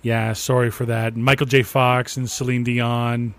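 Canadian male guest, mid pitch, slight stutter, earnest deadpan. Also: unhurried, vocal fry. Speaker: podcast guest. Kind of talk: comic mock apology bit.

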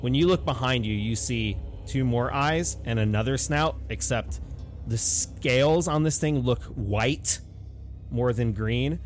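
A man's voice: medium pitch, a little slow, soft background music. A man narrating as game master in a tabletop role-playing game, casual and descriptive with frequent fillers.

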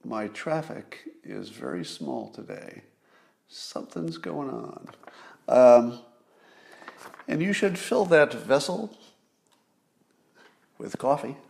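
Gravelly-voiced man hosting a livestream. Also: medium pitch. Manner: conversational, musing, talks to live viewers. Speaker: podcast host. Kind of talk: casual livestream monologue. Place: home, near a window.

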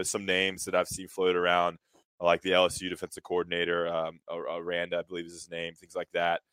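Deep-voiced man talking football. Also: a bit bright, dry recording. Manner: thoughtful, rambling analysis. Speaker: co-host. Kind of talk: casual sports talk.

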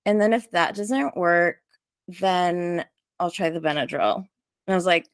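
Animated woman telling a story. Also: fairly low pitch, smooth, no echo, studio quality. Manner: animated, fast, full of likes, acts out others' lines. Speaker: storyteller guest. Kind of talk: casual storytelling.

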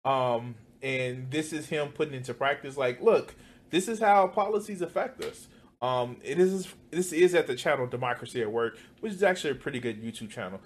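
A man reacting to a video, casual and profane, swinging between muttered asides and loud outbursts. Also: mid-range voice, fairly quick, hardly any pauses.

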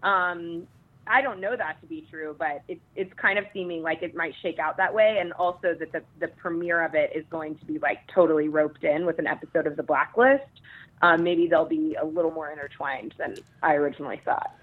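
A woman from Texas calling in as a guest to a casual chat, sharing relaxed, measured opinions. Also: low voice. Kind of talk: casual chat over a phone line. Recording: tinny phone line.

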